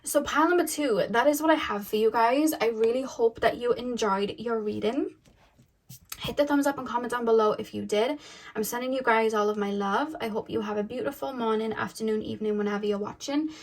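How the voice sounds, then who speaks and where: A woman with a fairly high voice reads tarot cards for her viewers. She speaks gently and without hurry. She talks to them closely and directly. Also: poor audio. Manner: gentle, unhurried and intimate, addressing viewers directly. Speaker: tarot card reader. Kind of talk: pick-a-card tarot reading.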